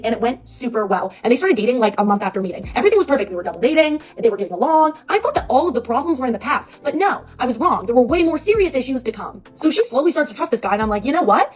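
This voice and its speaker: Storytime vlogger, woman: very fast, animated, husky edge, higher voice, soft music bed. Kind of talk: storytime vlog.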